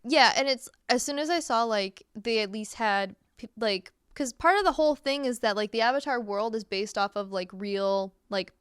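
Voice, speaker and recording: A woman's voice: a little high, moderate pace, few pauses, fairly bright tone, clear, resonant tone, no echo, studio quality. A woman co-hosting a casual podcast chat, talking with lots of fillers and restarts and laughing often. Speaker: podcast co-host.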